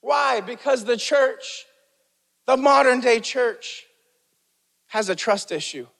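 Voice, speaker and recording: A man's voice: very high voice, slow, a bit bright. A man preaching a sermon as pastor, emphatic, repeating key phrases and calling on the congregation to respond. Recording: long hall reverb.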